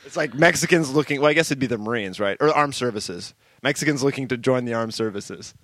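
A man with a bright, forceful tone recorded dry and close tells a halting story on a comedy podcast. He trips over his words and tosses in crude quips. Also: mid-range voice, no room sound. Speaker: podcast co-host. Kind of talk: casual comedy podcast chat.

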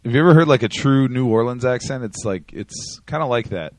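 A man's voice: medium pitch, animated, a little fast, a little mellow. A man co-hosting a casual podcast who tells meandering, hedging stories. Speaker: podcast co-host. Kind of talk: casual chat.

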